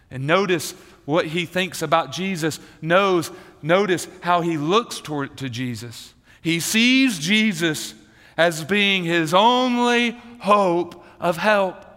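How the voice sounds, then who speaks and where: High bright-voiced pastor preaching. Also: male voice, long reverb tail. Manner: vivid storytelling, speaking to the children. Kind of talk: sermon. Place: church.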